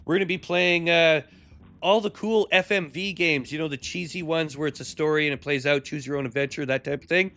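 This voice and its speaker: A man calling a wrestling match on a live stream as play-by-play commentator and streamer, crude, joking and shouty. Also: a little high, a little fast. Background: music.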